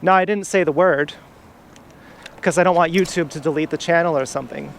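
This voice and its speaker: A man's voice: a little high, fairly quick, gravelly. A man telling a personal story outdoors in a rambling, confessional way, swearing freely. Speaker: vlogger. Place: outdoors in a town, walking around. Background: faint urban traffic.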